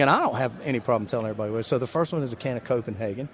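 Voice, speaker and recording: A man's voice: medium pitch, racing, hardly any pauses. Folksy Southern man rambling. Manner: rambling, self-deprecating, folksy storyteller. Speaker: magician guest. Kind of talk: casual interview chat.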